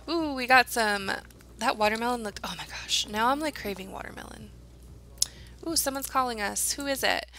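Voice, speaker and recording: A young woman talks her way through a life-sim game, chatting to her characters and giggling often. Her voice is bright and sits a little high, and she keeps a loose, casual commentary going the whole time. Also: normal speed, long pauses, a little hiss or hum. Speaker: let's play gamer.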